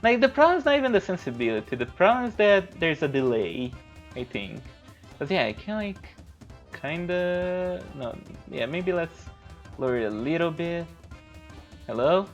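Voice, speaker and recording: A man's voice: fairly high pitch, big pitch swings, normal speed, highs cut off, soft background music. A man streaming a video game, chatting casually, rambling and swearing loosely while he plays. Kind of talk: casual livestream gameplay chat.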